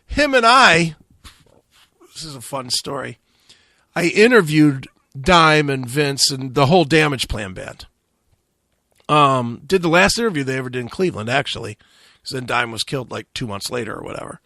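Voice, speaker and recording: A man's voice: medium pitch, animated, normal speed, pushed and bright, no echo, studio quality. A man hosting a radio talk show, telling a long profane story and acting out the quotes. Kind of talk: casual storytelling.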